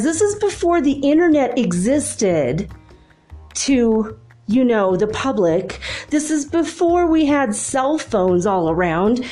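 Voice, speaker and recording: A middle-aged woman casually telling a personal story, laughing often and acting out the dialogue. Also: a little high. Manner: animated, laughing, acts out dialogue. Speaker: channel host. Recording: faint music behind.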